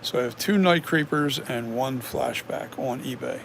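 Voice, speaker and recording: A man's voice: mid-range voice, moderate pace, creaky, noisy background. A man who makes masks, chatting casually on a live stream, rambling as he reads and answers viewer comments. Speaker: mask maker streaming to viewers.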